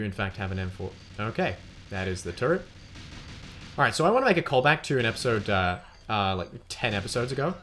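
A man's voice: lowish voice, fairly bright tone, a little hiss or hum. A young man with an Australian accent, rambling and swearing as he gives casual commentary while playing a video game. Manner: rambling, swears a lot, laughs at himself. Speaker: let's play host.

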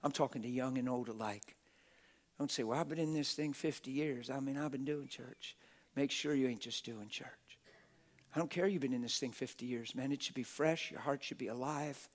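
A middle-aged man preaching a passionate, folksy sermon, often laughing and bursting into shouts. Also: medium pitch, normal speed. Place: church hall with a congregation.

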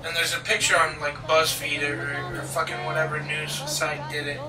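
A man's voice: a little high, monotone, brisk. A young man hosting a let's play, rambling and joking with lots of swearing over his gameplay. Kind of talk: casual gaming commentary. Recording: roomy distant mic, game music behind.

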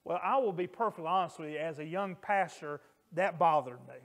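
Male pastor, middle-aged, higher voice, earnest sermon storyteller. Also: a little fast. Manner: earnest, emphatic, raises voice on quoted screams.

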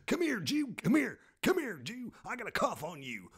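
A man voicing a dimwitted male bigot in a high, sneering, shouty mocking voice. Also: wildly swooping pitch, normal speed, breathy edge, exaggerated voice.

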